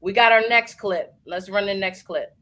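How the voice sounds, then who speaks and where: A woman's voice: mid-range voice, normal speed, a bit bright. A woman hosting a casual podcast, curious and teasing, running the segments and asking questions. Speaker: podcast host. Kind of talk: casual chat.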